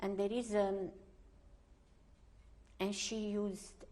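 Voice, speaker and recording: A woman's voice: mid-range voice, little pitch movement, very slow, warm tone. An older woman giving oral history testimony as a Holocaust survivor, speaking, often searching for words and restarting her sentences.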